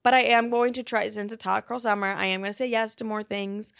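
Young female podcast host, mid-pitched, dry close sound, casual and profane. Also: flat delivery, brisk, creaky, fairly bright tone, clear, resonant tone, no room sound. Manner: chatty, swears freely, laughs, uses lots of likes. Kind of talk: casual chat. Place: apartment in a big US city.

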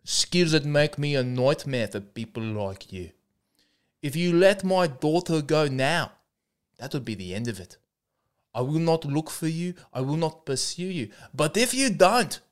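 A man's voice: on the high side, big pitch swings, pitched above the performer's own voice. A man doing a South African accent to play a menacing father who coldly threatens his daughter's kidnappers in a comic monologue. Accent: South African (put on). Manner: slow, clipped, deliberate threats. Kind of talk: comedic impression monologue.

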